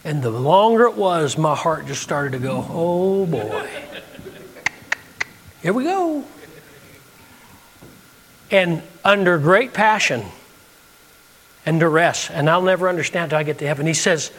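A man's voice: fairly high pitch, normal speed, fairly bright tone, long reverb tail. A man preaching a sermon from the United States, telling a story and acting out the dialogue.

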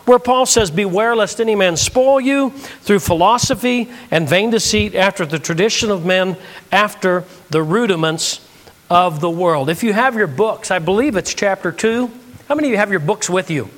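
A man's voice: high voice, expressive, normal speed, fairly bright tone, in a large hall. A man preaching a sermon from the United States, telling a story and acting out the dialogue.

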